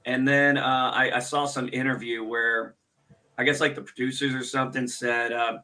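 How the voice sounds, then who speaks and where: A man's voice: medium pitch, flat delivery, normal speed, sharp tone. A man hosting a casual stream, ranting sarcastically and swearing freely. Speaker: streamer host.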